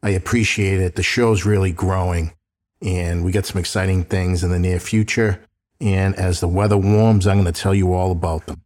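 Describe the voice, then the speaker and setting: A man's voice: deep voice, fairly even intonation, normal speed, a little mellow. A middle-aged man hosting a true crime podcast in a chatty way, calling listeners guys, his voice slightly off from allergies. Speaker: podcast host and private investigator.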